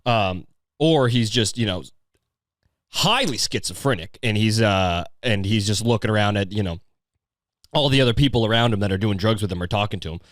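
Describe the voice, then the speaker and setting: A man's voice: lowish voice, normal speed, no room sound, studio quality. A man hosting a podcast, riffing on a video in rambling, profane, sardonic casual commentary. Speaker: podcast host.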